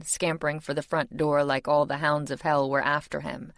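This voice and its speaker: A woman's voice: low voice, level tone, moderate pace, creaky, no room sound, studio quality. A woman narrating a first-person fantasy audiobook in a wry, exasperated tone.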